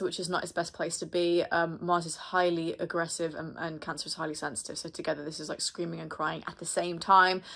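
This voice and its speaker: Chatty woman astrologer with a gravelly low voice. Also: fairly bright tone. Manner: chatty, rambling, filler-heavy, addresses viewers directly; laughs at herself. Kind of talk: casual horoscope reading to camera.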